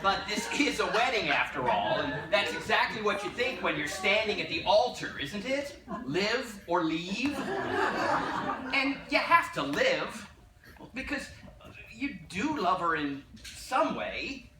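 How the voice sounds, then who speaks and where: A woman's voice: mid-range voice, sing-song, measured pace. A woman playing a wistful middle-aged musical fan. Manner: confiding, wry, talks straight to the audience. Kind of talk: stage musical acting. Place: theater stage. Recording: echoey theater, audience noise.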